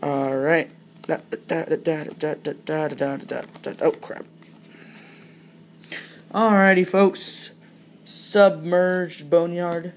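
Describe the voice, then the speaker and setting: A young adult vlogger rambling through a card pack opening in a relaxed, casual way. They read each card name aloud and break into sudden excited bursts over a good pull. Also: mid-range voice, slow pace, pauses often, a little hiss or hum.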